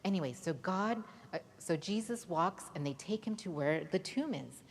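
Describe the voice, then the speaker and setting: Low-voiced woman telling a Bible story to kids. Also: moderate pace. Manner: lively, asks the children questions. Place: church hall. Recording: reverberant hall, faint noise.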